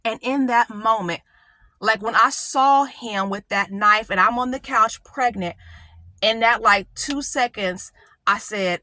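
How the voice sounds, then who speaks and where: A woman's voice: mid-range voice, moderate pace, bright, forceful tone, no echo. A woman hosting her own channel, telling a personal story in an emotional, conversational way, repeating phrases for emphasis and often asking "right?". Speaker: channel host.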